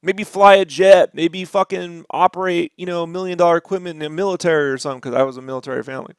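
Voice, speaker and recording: A man's voice: fairly high pitch, steady tone, quick pace, smooth, no room sound, clean studio sound. A man ranting casually and profanely while drawing on a livestream, rambling from one aside to the next. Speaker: artist streaming a drawing session.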